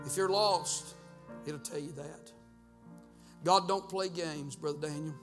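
Middle-aged man, revival pastor, fervent and rhythmic, drops to hushed tones, slightly high voice, soft music under him. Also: steady tone, measured pace. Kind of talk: revival sermon with altar call. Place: church sanctuary.

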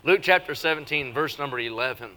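A man delivering a church sermon in a bright, ringing voice. He jokes and teases in a folksy way, then pushes into forceful, rising preaching. His pitch sits in the middle range. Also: fast talker. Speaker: visiting preacher. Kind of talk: revival sermon with joking asides. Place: church service.

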